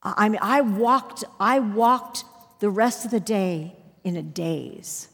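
Husky woman preaching in a reverberant hall. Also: medium pitch, expressive, slow. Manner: emphatic storytelling with sudden loud rises. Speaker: Bible teacher. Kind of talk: sermon with personal story.

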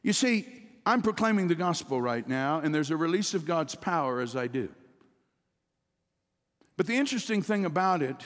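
A man preaching a sermon as pastor, leading his congregation in call-and-response with rising, emphatic delivery. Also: on the high side. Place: church sanctuary. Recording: long reverb of a church hall.

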